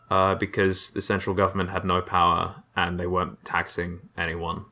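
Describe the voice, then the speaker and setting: Bright-toned young man, rambling history explainer. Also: sits low, monotone, normal speed. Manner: rambling, sarcastic, many fillers and restarts. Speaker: history video host. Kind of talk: casual comedic history explainer.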